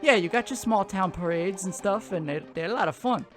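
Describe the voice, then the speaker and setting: Man, high voice, rambling, full of fillers, casual chat. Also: lively intonation, a little fast, music in the background. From Louisiana. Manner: rambling, filler-heavy, laughs often. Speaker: show co-host.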